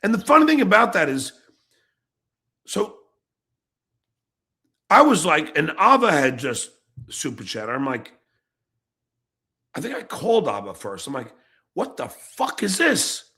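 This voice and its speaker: A middle-aged man hosting his own podcast, ranting angrily and profanely, jumping between shouts and low mutters. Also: big pitch swings, measured pace, pauses often. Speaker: podcast host. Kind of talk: angry ranting monologue.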